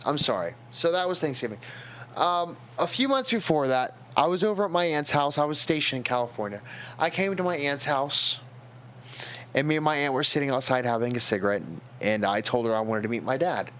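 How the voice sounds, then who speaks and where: Young man, tipsy, rambling, halting, emotional storytelling, middle pitch, faint background noise. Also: animated, fairly bright tone. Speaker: streamer. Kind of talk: casual storytelling on a stream.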